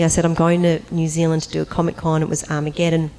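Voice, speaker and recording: A woman on a convention panel telling an animated anecdote, acting out voices and breaking into high, laughing squeals. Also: brisk, hardly any pauses, clear, resonant tone, rough recording.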